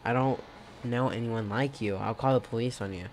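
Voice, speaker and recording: A man's voice: medium pitch, normal speed, slight background noise, lightly acted. Man reading a wounded, accusing elderly mother. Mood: hostile.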